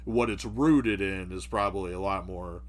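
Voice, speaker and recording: A man with a low voice talks casually on a podcast. He hedges his points with "I don't know" and "I guess," stumbling and swearing along the way. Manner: halting, profane, hedging.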